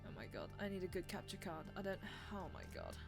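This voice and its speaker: A woman's voice: on the low side, big pitch swings, fast talker, creaky, over music. A young woman streaming live, chatting casually in a rambling, self-deprecating way.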